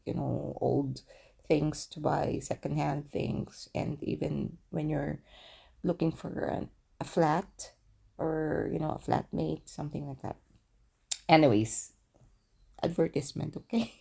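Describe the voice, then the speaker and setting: A woman with a Filipino accent giving a casual language lesson, slowly repeating words for practice. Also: deep voice, vocal fry, mellow, husky. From Philippines. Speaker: language teacher.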